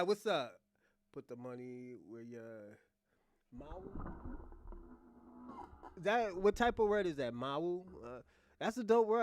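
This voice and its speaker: A man's voice: a little high, a little hiss or hum. A man from Boston hosting a casual live chat, teasing and laughing often. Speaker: livestream host.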